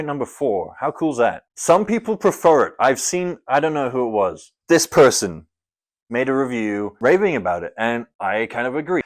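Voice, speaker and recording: Young man, mid-range voice, casual rambling vlog reviewer who hams up the countdown numbers. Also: mid-range voice. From Scotland. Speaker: film reviewer. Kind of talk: casual movie-ranking vlog.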